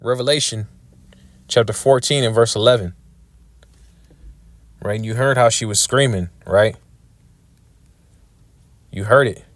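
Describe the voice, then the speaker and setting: A man's voice: medium pitch, unhurried, long pauses, fairly bright tone, no echo. A man preaching a sermon in an emphatic style, often adding tag questions as he goes.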